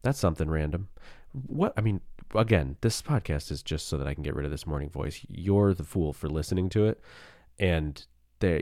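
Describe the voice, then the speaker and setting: Low, groggy morning-voiced man. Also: animated, normal speed, darkish tone, no room sound, clean studio sound. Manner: rambling, self-deprecating, thinking aloud. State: has a cold. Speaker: podcast host. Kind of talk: casual solo podcast musing.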